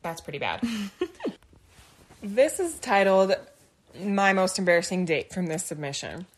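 A woman's voice: medium pitch, a little slow. A woman co-hosting a casual chat show, reading listener stories aloud and often breaking into giggles. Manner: giggly, animated storytelling. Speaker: podcast co-host.

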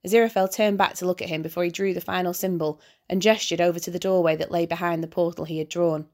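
A woman reading a fan fiction story aloud as narrator, in a steady storytelling manner. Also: fairly low pitch, fast, hardly any pauses. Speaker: audiobook narrator. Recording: background hiss.

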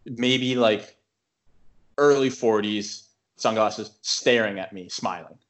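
A man's voice: on the low side, takes it slowly. A young man co-hosting a podcast, telling a story in a rambling casual way, full of filler words and restarts. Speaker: podcast co-host.

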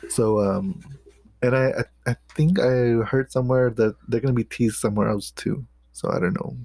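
A man's voice: mid-range voice, moderate pace, vocal fry, dark tone, dry recording. Rambling, hesitant man on a podcast. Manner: rambling, hesitant, restarts a lot. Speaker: podcast co-host. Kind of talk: casual chat.

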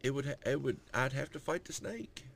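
A man in his thirties co-hosting a podcast, chatting casually with lots of slang and swearing, telling animated stories. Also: mid-range voice, fairly quick, vocal fry, no echo. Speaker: podcast co-host. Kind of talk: casual chat.

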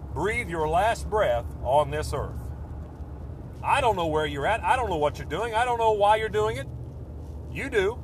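A man preaching a sermon with fervent, repetitive phrasing that swells and then drops to a hush. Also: high-pitched, slight background noise.

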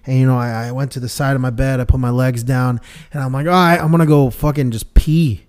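A young man co-hosting a podcast, swearing constantly as he tells a story in lively casual chat with voiced quotes. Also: mid-range voice, fairly quick, clean tone. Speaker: podcast co-host.

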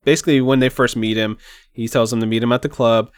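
A man's voice: mid-range voice, fast talker, clean tone, dry recording, clean studio sound. Laid-back man chatting about a movie. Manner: relaxed, rambling, says "like" often. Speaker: podcast co-host. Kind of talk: casual movie discussion.

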